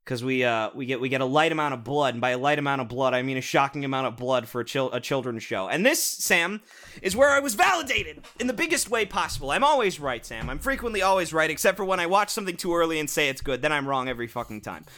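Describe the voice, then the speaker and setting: Sarcastic young man ranting, bright voice. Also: mid-range voice, quick pace, hardly any pauses. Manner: sarcastic, swearing, animated. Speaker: podcast co-host reviewing cartoons. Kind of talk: casual comedic rant.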